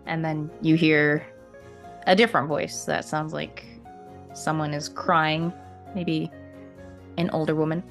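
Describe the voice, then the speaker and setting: A woman narrating a tabletop role-playing game as game master, telling the scene in an unhurried, expressive way. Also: sits low, faint music behind.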